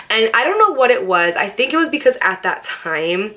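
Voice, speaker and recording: A woman's voice: on the high side, big pitch swings, normal speed, few pauses, sharp tone. A young woman in a casual storytime vlog, chatty and profane, with a lot of "like". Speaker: vlogger.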